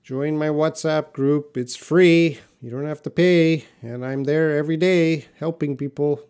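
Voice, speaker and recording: A middle-aged man hosting a live English lesson, reading chat comments aloud and modelling words slowly. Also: fairly high pitch, fairly even intonation, a little mellow, clean tone.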